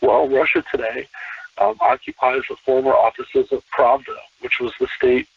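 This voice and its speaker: Male podcast guest, husky voice, dry phone-line sound, animated and repetitive. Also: mid-range voice, moderate pace, no echo, far from the mic. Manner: animated, repeats himself, many restarts. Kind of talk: casual conversation. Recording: tinny phone-line call.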